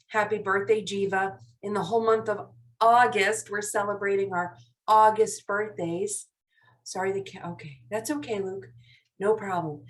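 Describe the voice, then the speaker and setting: A woman's voice: medium pitch, a bit bright. A woman teacher leading a live online lesson for young children, in a cheerful, sing-song classroom voice over a video call mic. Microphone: video call computer mic. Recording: voice somewhat distant from mic.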